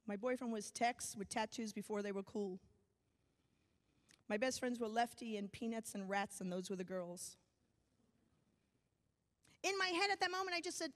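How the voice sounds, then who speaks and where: A woman from New York giving a motivational speech, telling a personal story with comic timing and dramatic pauses. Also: on the high side, animated. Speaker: motivational speaker. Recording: long hall reverb.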